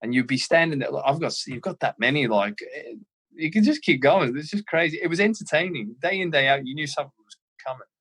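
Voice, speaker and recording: An Australian man in his thirties, a former footballer, telling lively anecdotes as a guest in an interview. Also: fairly high pitch, quick pace, breathy edge. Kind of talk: casual storytelling interview.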